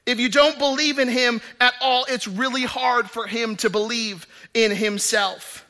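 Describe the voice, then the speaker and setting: A man in his thirties preaching a sermon in church, moving from loud emphatic bursts to quiet asides. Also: very high-pitched, steady tone, measured pace. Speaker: pastor.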